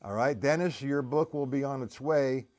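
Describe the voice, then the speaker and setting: A man's voice: medium pitch, moderate pace, darkish tone. Man teaching drums on a live stream. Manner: counts beats aloud, chats with viewers. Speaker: drum teacher. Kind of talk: live-streamed drum lesson. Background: drums played while talking.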